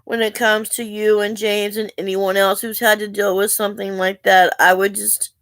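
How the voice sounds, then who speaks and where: A woman's voice: medium pitch, little pitch movement, normal speed, a bit bright, no echo. A woman, talking earnestly and in a rambling, heartfelt way to her viewers, asking for help. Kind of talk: emotional personal talk to camera.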